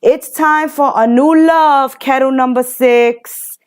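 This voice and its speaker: A woman's voice: high-pitched, steady tone, takes it slowly, clear, resonant tone. A woman giving a general tarot reading, emphatic and repetitive, often acting out what the people in the reading would say. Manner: emphatic and repetitive, acts out quotes. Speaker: tarot reader.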